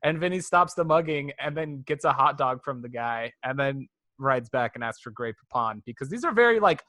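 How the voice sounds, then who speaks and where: A male podcast co-host talking casually, with a wry, sarcastic streak. His voice sits at an ordinary middle pitch. The sound is dry and close, with no room in it. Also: expressive, brisk, pushed and bright, dry recording. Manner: chatty, wry, sarcastic asides. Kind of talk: casual chat reviewing a cartoon.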